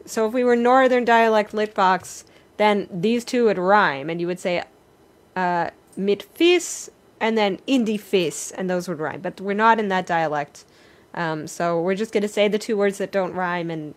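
A woman's voice: medium pitch, normal speed. A woman leading an online singing workshop, explaining and singing short phrases as examples in an encouraging way. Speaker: singing teacher. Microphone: video call.

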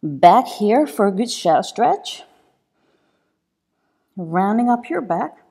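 A woman pilates instructor leads a workout while demonstrating the moves herself. She speaks at a middle pitch, cheering the viewer on and counting down reps, a little winded from the exercise. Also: sing-song, takes it slowly, gravelly, warm tone, slightly rough. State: out of breath.

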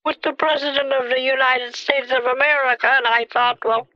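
A man's voice: very high voice, little pitch movement, brisk, no echo, lo-fi sound. A man voicing a naive, flustered elderly grandmother who quavers and gets upset easily on a scam call. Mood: indignant. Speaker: scam baiter. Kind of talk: phone prank role-play.

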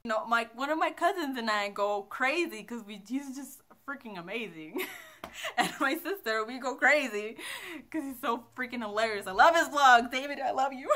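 A woman's voice: a little high, bright, forceful tone. A young woman vlogger telling a casual storytime, chatty and giggly as she retells her night out.

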